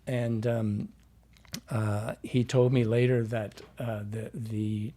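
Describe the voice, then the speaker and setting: A dialect coach telling anecdotes in a relaxed, rambling way, full of fillers and restarts. His voice is mellow and a little husky. He sounds like a man chatting casually in an interview. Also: fairly low pitch, slow pace.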